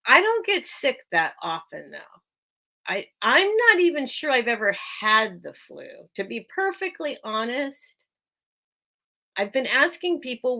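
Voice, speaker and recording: Chatty american lady streaming live, bright sharp voice, a bit high, laughs a lot. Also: sing-song, measured pace. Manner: chatty, laughs often, talks to viewers by name. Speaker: live sale host. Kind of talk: casual live-stream chat.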